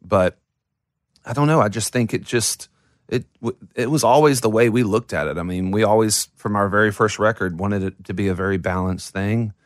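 Male interviewee, lowish voice, dry studio sound, chatty and rambling. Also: normal speed, no room sound. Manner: rambling, lots of restarts and fillers. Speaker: band member interviewee. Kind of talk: casual interview talk.

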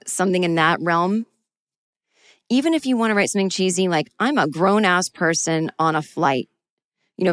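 A woman's voice: lowish voice, clean tone, no echo. A woman talking alone into a microphone, giving candid, self-deprecating advice in a chatty, casual way. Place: alone, recording at home.

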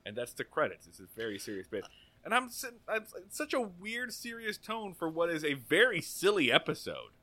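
A man chatting on a podcast in a lively, swooping voice that rises a little high. His tone is bright and sharp, and he swears freely and acts out bits of dialogue with relish. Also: brisk. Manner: animated and swearing, acts out lines hammily. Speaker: podcast co-host. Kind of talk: casual chat recapping a TV episode.

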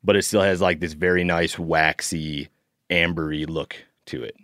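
A man talking casually on a podcast, easygoing and quick to laugh. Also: low voice, steady tone, a crowd in the background. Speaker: podcast co-host. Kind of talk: casual chat.

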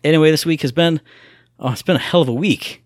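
A man's voice: on the high side, fast, no room sound, clean studio sound. A man co-hosting a podcast, chatting casually and ranting with exasperated humor. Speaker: podcast co-host.

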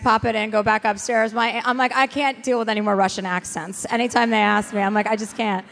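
A woman telling a comic anecdote as an interview guest, animated and profane, laughing through the story. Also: a little high, creaky.

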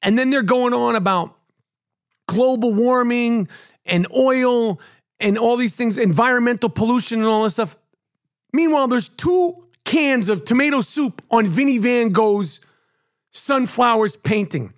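A man's voice: very high-pitched, a little slow. A man hosting his own podcast, delivering a profane, worked-up comedic rant. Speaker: podcast host.

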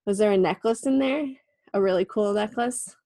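A woman in her thirties chats on a podcast, patiently coaxing a shy child and laughing often. Her voice sits at a middling pitch and is recorded dry and close. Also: normal speed, dark tone, no room sound. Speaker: podcast guest, mother. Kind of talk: casual podcast chat.

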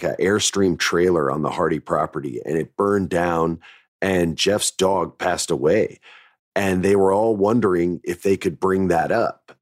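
A man in his forties with a low voice hosts a podcast, telling a story in a casual monologue that's candid and reflective. He loops back to restart his thoughts. The recording is dry, with clean studio sound.

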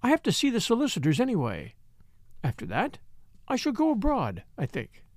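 A man's voice: sits high, wildly swooping pitch, moderate pace, dry recording, clean studio sound, voice pushed up. A man voicing a sincere, mild-mannered woman of thirty-three.

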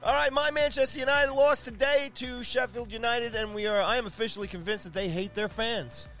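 A man's voice: extremely high pitch, brisk, fairly bright tone, faint music behind. A man co-hosting a sports podcast in casual chat, rattling off league standings with jokes and asides. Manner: chatty, jokey, rambling with fillers. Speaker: podcast co-host.

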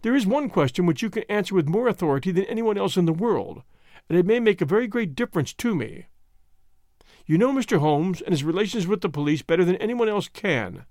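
A man's voice: sits high, lively intonation, a little fast, darkish tone, no echo, clean studio sound. A man reading a storybook, voicing an anxious widow who pleads earnestly. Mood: pleading. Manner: earnest, imploring. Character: pleading anxious grieving widow, woman, adult. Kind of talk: audiobook character voice.

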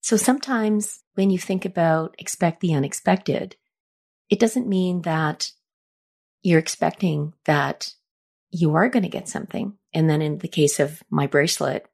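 A woman's voice: sits low, unhurried, vocal fry, darkish tone. A middle-aged woman hosting a podcast, telling personal stories in a chatty, reflective way. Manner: chatty, reflective, acts out quoted lines with a raised voice. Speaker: podcast host. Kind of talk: casual personal storytelling.

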